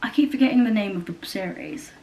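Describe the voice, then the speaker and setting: A young woman who is a book vlogger chats casually indoors at her new house, rambling with plenty of fillers and self-corrections. Her mid-range voice is warm and she talks fast.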